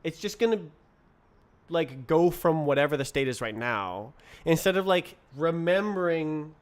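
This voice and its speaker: Slow, muttering man thinking aloud. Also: on the high side, lively intonation. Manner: mutters to himself, playful nonsense words. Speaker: streamer coding live. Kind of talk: thinking aloud while programming.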